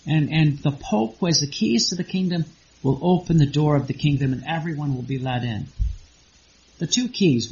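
A man's voice: a little high, moderate pace, a little mellow. A man, probably a priest, giving a rambling sermon full of rhetorical questions and repeated words. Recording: dull lo-fi recording.

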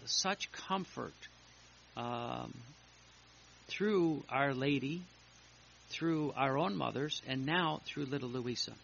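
A man preaching a sermon, reading devotional texts aloud and explaining them in an earnest, halting way with many restarts. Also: fairly high pitch, vocal fry, pushed and bright. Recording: lo-fi with faint hiss.

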